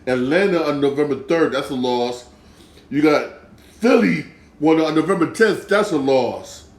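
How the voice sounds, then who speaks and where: A man's voice: on the high side, expressive, unhurried, roomy sound. A man hosting a sports talk show, rambling in a casual rant full of repeated filler words and mocking rival fans.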